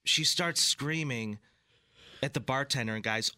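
A man's voice: medium pitch, unhurried, no room sound. A man in casual chat, animatedly telling a story and acting out the people in it. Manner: animated, acts out other people's voices in his stories.

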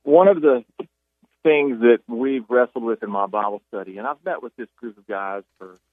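A man's voice: mid-range voice, moderate pace, no room sound. Man telling Bible stories over a phone line. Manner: animated storytelling with many restarts. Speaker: author and guest. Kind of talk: radio interview, retelling Bible stories. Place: Jacksonville.

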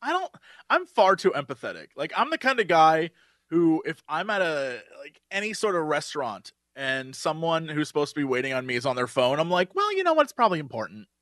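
A man's voice: on the high side, a little fast, no room sound, studio quality. A man co-hosting a podcast, chatting casually and acting out voices in his anecdotes. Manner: expressive, acts out voices in anecdotes. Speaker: podcast co-host. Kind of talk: casual chat.

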